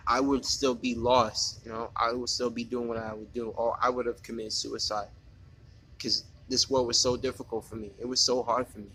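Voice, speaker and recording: Halting, earnest man with a bright tone. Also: medium pitch, a little hiss or hum, poor audio. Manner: halting, earnest, with frequent restarts and repeated words; defiant when addressing a critic directly. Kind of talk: personal spoken monologue to the camera.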